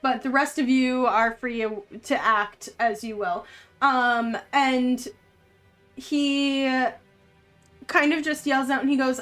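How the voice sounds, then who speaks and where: A woman running a tabletop game as game master, narrating slowly with many ums and bursts of excitement at dice rolls. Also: high voice, faint music behind.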